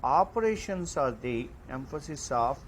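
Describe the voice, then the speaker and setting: A man lecturing in an online class, reading slide points slowly and deliberately. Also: medium pitch, lively intonation, slight background noise, poor audio.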